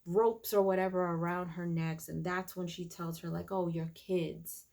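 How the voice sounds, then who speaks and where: A woman talks through a TV episode for her channel in a loose, chatty recap. She keeps reaching for "um" and "like" and restarting her sentences. Her voice sits a little low, with a gravelly edge. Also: flat delivery, normal speed, darkish tone. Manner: chatty, many fillers and restarts. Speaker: YouTube TV reviewer.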